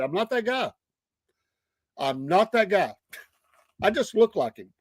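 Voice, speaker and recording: A man's voice: high-pitched, sing-song, normal speed, long pauses, no echo. A middle-aged man, hosting a casual livestream and telling stories with frequent laughter. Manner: chatty, laughs often. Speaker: host.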